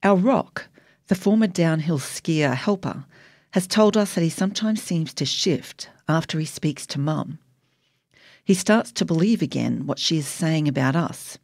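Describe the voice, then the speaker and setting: A woman's voice: deep voice, unhurried, a little mellow, dry recording, studio quality. A woman narrating her memoir in a wry, emotionally charged audiobook reading.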